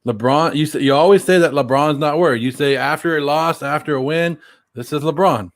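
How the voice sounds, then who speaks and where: A man's voice: a little high, a little fast. Laid-back man teasing on a sports podcast. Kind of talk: casual sports talk.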